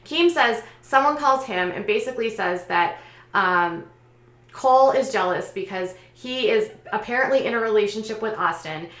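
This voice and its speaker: A woman host recounting online gossip and reading out posts, in a conversational way with frequent pauses and fillers. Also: medium pitch, lively intonation, a bit bright, roomy sound. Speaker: commentary channel host.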